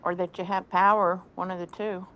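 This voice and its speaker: A woman's voice: lowish voice, flat delivery, fairly quick, sharp tone, slight background noise. A woman hosting a livestream and chatting in a dry, matter-of-fact way. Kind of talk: casual chat.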